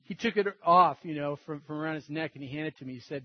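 An older man giving a personal testimony in an animated storytelling way, acting out the voices of people in his story. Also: on the high side, fast, hardly any pauses, slight background noise. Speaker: testimony speaker. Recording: dull dry lo-fi recording.

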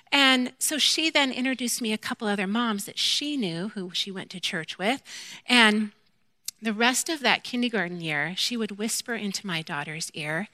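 A woman gives a personal faith testimony in a bright, ringing voice. She is candid and self-deprecating and acts out her own quoted lines with lively animation. The recording is dry and close. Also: on the high side, normal speed, dry recording. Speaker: mother sharing a faith testimony.

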